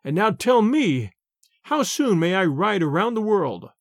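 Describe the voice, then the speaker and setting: A man's voice: high voice, very animated, unhurried, no echo, clean studio sound, exaggerated voice. A man voicing a proud, angry medieval king in a storybook reading. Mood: commanding. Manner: imperious, loud.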